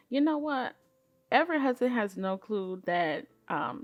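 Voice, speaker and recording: Woman doing a chill show recap, sassy and blunt, talks loose and colloquial, voice jumps way up when she quotes folks. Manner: sassy, candid and exasperated, with colloquial phrasing; animated, with sudden pitch jumps when quoting. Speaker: YouTube commentator. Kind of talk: casual recap commentary.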